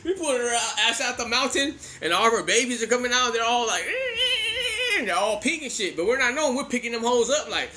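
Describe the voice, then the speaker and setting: A man's voice: extremely high pitch, lively intonation, fast talker, hardly any pauses, pushed and bright, a little hiss or hum. A man in his forties telling a funny childhood story in casual, profane slang, laughing often as he goes.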